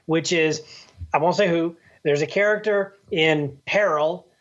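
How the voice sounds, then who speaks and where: A man's voice: a little high, unhurried, a bit bright, lo-fi sound. A man co-hosting a podcast, chatting casually about movies with frequent restarts and filler words. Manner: rambling, many restarts and "like"s. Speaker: podcast co-host. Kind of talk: casual movie review chat.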